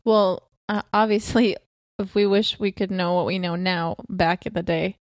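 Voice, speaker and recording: A woman in her twenties co-hosting a home podcast with her husband, talking in a relaxed, giggly way full of "like" and "um". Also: medium pitch, moderate pace, no echo, clean studio sound. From California. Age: 20s. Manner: laid-back, giggly, filler-heavy. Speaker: podcast co-host. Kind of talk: casual chat. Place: bedroom at home.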